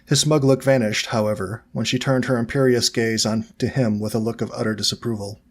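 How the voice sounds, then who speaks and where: A man narrating a fan fiction audiobook in a steady, even storytelling manner. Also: mid-range voice, brisk.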